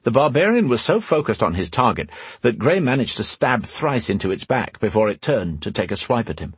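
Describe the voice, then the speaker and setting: A man narrating a fantasy audiobook in a steady, measured storytelling manner. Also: mid-range voice, breathy edge, no echo.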